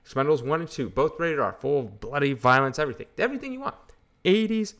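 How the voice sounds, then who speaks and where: A man's voice: a little high, very animated, quick pace, a bit bright. A man hosting a comic book channel, ranting in casual, exasperated and sarcastic commentary.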